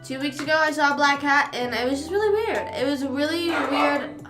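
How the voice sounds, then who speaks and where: A woman's voice: high voice, fairly quick. A young woman streamer rambling in casual chat at home, with lots of fillers. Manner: rambling and chatty, with frequent fillers. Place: home room. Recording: roomy echo, faint music behind.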